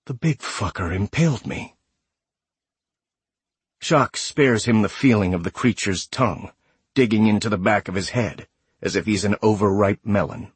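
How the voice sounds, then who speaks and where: A man reading a sci-fi horror story aloud in a measured, graphic storytelling manner. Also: on the low side, breathy edge, no room sound. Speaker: narrator. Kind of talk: scripted audiobook narration.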